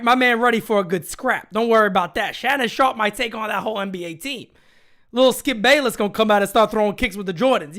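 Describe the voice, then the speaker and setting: A man hosting a live fan chat stream, loud and hyped, ranting and often shouting. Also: very high-pitched.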